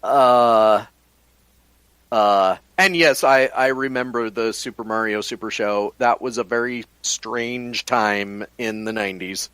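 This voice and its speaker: A man's voice: fairly low pitch, slow pace, a bit bright, smooth, no room sound. A man co-hosting a casual podcast, musing and rambling about games and movies with frequent restarts. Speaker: podcast co-host.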